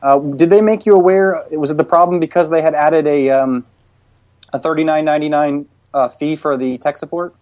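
A man's voice: on the high side, steady tone, moderate pace, a little mellow, no room sound, pitched above the performer's own voice, close to an everyday voice. A man playing a polite male corporate public relations caller, speaking in a hesitant, scripted way. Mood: overly polite.

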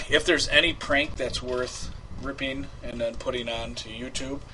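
Swearing, laughing prank-show host. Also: male voice, mid-range voice, steady tone, unhurried, bright, forceful tone, a little hiss or hum, low-quality recording. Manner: loose, laughing, swears freely. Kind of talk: casual live-stream chat.

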